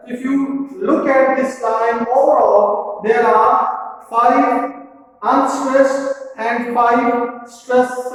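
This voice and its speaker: A man gives a literature lesson in a slow, deliberate way, repeating key terms as he goes. His voice sits high for a man. The room behind him rings with a long, heavy echo. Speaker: literature teacher. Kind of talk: lecture-style explanation. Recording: echoey room with long reverb.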